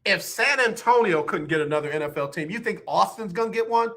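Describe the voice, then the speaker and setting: A man's voice: high-pitched, expressive, fairly quick, pushed and bright. A man hosting live sports talk radio, joking and repeating his points for effect into a studio microphone.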